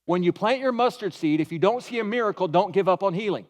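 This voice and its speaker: A pastor giving a sermon in an animated, folksy way, mixing humor into his storytelling. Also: high-pitched, fast. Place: church.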